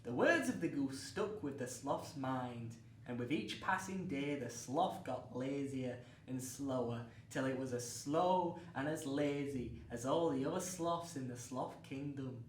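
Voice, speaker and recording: A man's voice: medium pitch, lively intonation, a little slow, hardly any pauses. A man hosting a comic children's story show, narrating in a cheery, exaggerated storybook way. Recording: roomy, distant mic with faint noise.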